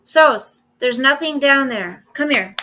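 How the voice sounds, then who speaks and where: Older woman, high voice, bright tone, slow playful baby talk, faint hiss behind. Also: lively intonation. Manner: playful baby talk to her dog, laughing often. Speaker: live stream host. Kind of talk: casual live stream chat.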